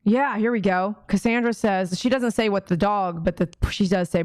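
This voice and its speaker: Woman, dog groomer, casual live-stream chat, mid-pitched voice, dry close sound, reads comments aloud. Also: moderate pace, darkish tone, no room sound. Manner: chatty, reads viewer comments aloud, teasing. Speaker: dog groomer hosting a watch party.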